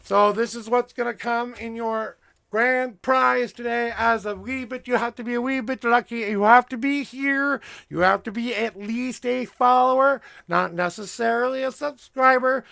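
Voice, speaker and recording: A man hosting a tarot livestream from home, talking in a loud, joking, rambling way. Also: very high voice, normal speed, vocal fry, clean tone, no room sound. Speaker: livestream tarot reader host. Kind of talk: casual livestream chat. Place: home room with door.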